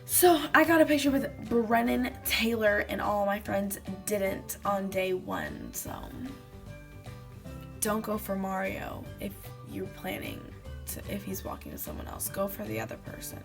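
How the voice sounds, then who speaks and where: A woman's voice: mid-range voice, sing-song, a little slow, vocal fry, music in the background. A woman vlogger chatting casually to camera, rambling with lots of fillers. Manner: rambling, fillers of "like", acts out quotes.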